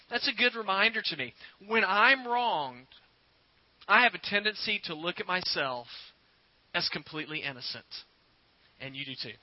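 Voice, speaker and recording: Folksy pastor preaching. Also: male voice, sits high, moderate pace, dry recording. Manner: folksy, earnest storytelling. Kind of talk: sermon. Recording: dry, slightly dull recording.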